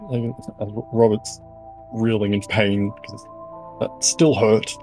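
A man's voice: on the low side, little pitch movement, takes it slowly, a little mellow, soft background music, low-quality recording. A man playing a tabletop game, talking hesitantly with lots of fillers. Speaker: player. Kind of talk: casual game chat.

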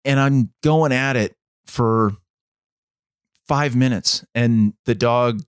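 A man co-hosting a podcast, telling a story in a measured, dramatic way. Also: mid-range voice, clean tone, no echo, studio quality. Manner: measured, dramatic storytelling, acts out quoted voices. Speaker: podcast co-host. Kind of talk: storytelling in casual chat.

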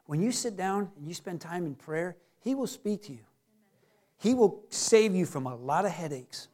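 Folksy high-voiced male pastor. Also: animated, moderate pace, mellow. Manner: folksy, joking, acts out little scenes. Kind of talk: sermon.

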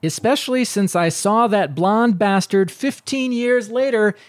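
A man co-hosting a podcast, reading a listener's email aloud in a steady, dry way with wry asides. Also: high-pitched, a little slow, no room sound.

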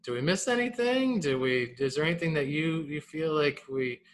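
A man in his thirties co-hosting a casual podcast, animated and repeating his words, tagging "man" onto his sentences. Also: a little high, normal speed. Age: 30s. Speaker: podcast co-host.

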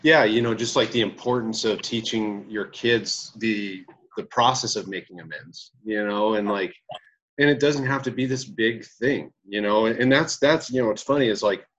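A man's voice: lowish voice, normal speed, a bit bright, lo-fi sound. A man talking casually on a podcast, rambling and leaning on lots of filler words.

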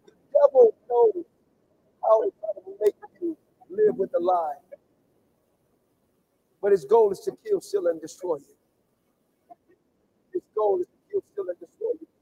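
A man pastor leading an impassioned sermon prayer, with a fervent, repetitive preaching cadence that swings from shouts to hushed pleading. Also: very high voice, big pitch swings, unhurried, creaky, pauses often, rough recording.

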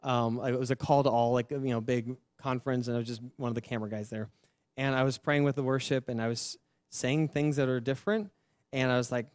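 Earnest young pastor with a dry, close sound. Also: male voice, mid-range voice, fairly even intonation, brisk, dry recording. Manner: earnest, emotional storytelling with soft laughs. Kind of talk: personal testimony.

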